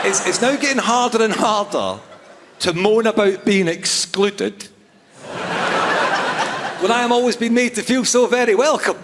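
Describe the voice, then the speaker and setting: A man performing a stand-up set on a theatre stage, with a halting, self-mocking delivery full of restarts. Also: high voice, lively intonation, heavy background noise. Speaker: stand-up comedian. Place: large theatre stage before a live audience. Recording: long theatre reverb.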